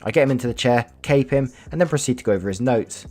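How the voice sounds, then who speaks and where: A man's voice: mid-range voice, fast, mellow, faint music behind. A man reading online stories aloud as a YouTuber, casual, swearing, breaking off to react and comment. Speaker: storytelling YouTuber.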